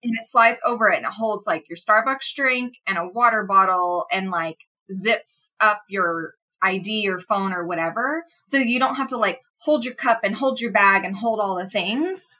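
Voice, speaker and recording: A woman co-hosting a podcast in casual chat, telling stories with lively swoops up into quoted voices. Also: medium pitch, moderate pace, hardly any pauses. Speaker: podcast co-host.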